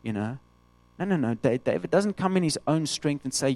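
A man's voice: on the high side, fairly quick, dry recording. Dry-miked man preaching a sermon. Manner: animated, acts out quoted voices.

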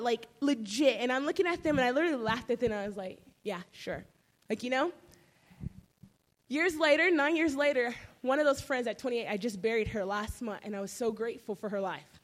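A woman's voice: a little high, fairly quick. A young woman giving an emotional personal faith testimony, telling her story animatedly with many fillers. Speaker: testimony speaker.

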